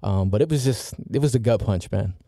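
A man in his forties, a podcast regular, telling a story in a lively, excitable way with many fillers. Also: fairly low pitch, a little fast, no room sound, studio quality. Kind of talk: animated storytelling.

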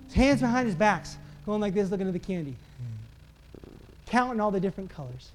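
High-voiced pastor guy telling a story in his sermon, really animated, guitar playing under him. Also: brisk, long pauses. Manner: animated storytelling, acting out frantic family shouts. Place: church auditorium.

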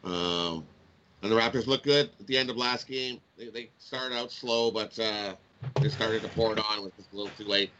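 A man's voice: on the low side, normal speed, lo-fi sound, a little hiss or hum. A man co-hosting a casual betting show from home over a video call, giving his picks with lots of hesitant "uh"s. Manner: relaxed, hesitant with many "uh"s. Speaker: sports betting show co-host.

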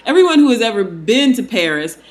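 A woman's voice: fairly high pitch, big pitch swings, fairly quick. A woman co-hosting a casual podcast chat, talking loosely with many fillers and frequent laughs. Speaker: podcast co-host.

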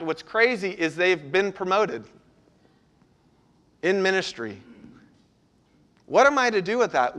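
A man's voice: sits high, pushed and bright. A man preaching a sermon as pastor, earnest and conversational, asking his listeners questions.

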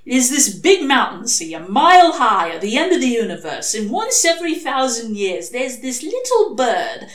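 A woman's voice: a little high, sing-song, pitched above the performer's own voice. A woman voicing a sly male demon who presses his arguments urgently. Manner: pushy, fast-pressing arguments. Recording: echoey room.

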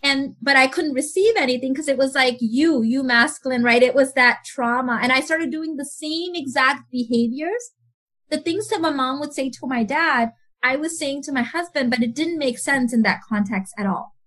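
A woman speaking as a guest mentor on a podcast, her voice sitting high. She talks in an animated way, slipping into quoted voices and laughing often. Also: moderate pace. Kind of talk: podcast interview.

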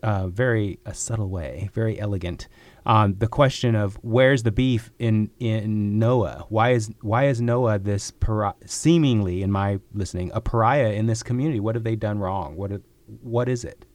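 A man hosting a podcast interview, asking probing questions in a halting way, full of restarts. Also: lowish voice, darkish tone, no room sound. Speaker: podcast host.

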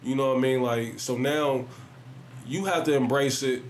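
A man's voice: medium pitch, fairly even intonation, moderate pace, a little hiss or hum. Conversational man hosting a discussion. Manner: conversational, many "you know what I mean" asides. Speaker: podcast host. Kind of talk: casual discussion.

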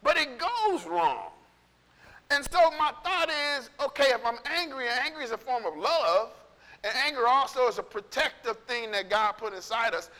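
A male pastor preaching in a casual storytelling way, animated and conversational, acting out what people said. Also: very high voice, big-room sound. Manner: animated, conversational, acts out quotes. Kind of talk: storytelling sermon.

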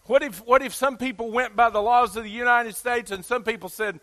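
Bright, high-voiced Southern preacher man. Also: fairly even intonation, a little fast, few pauses. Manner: emphatic, folksy, asks the listeners questions. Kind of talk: sermon.

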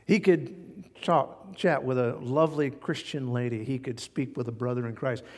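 A man preaching a sermon as pastor, folksy and animated, chuckling now and then at his own jokes. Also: mid-range voice, moderate pace, big-room sound.

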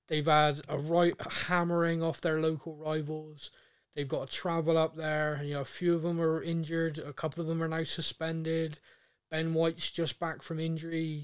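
A man co-hosting a football podcast in casual chat, animated and laughing often. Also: on the high side, clear, resonant tone, no room sound, studio quality. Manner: animated, laughing, mimics a manager's rants. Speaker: podcast co-host.

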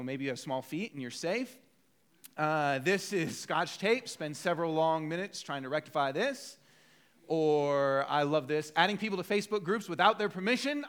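A pastor preaches a sermon in a bright, ringing voice that sits high for a man. With a joking tone, he tells stories full of lively, acted-out quotes that pull the congregation along.

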